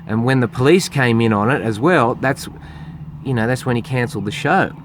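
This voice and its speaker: Speaking fairly quickly in a mid-range voice, this Australian street performer with a goat rambles through a lengthy story aimed right at the camera. He curses liberally and voices the other people in the tale, and there's slight hiss or hum on the recording.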